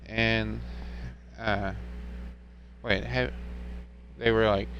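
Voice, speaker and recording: A man's voice: lowish voice, fairly even intonation, slow pace, long pauses, fairly bright tone, highs cut off, a little hiss or hum. A man in his twenties, a streamer, telling a story to his live stream in a rambling, laid-back way.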